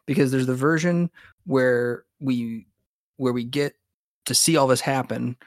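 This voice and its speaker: A man with an average-pitched voice works through a timeline theory in casual podcast chat. He speaks quickly, with some restarts, and the recording is dry and close. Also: steady tone, no room sound. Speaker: podcast co-host.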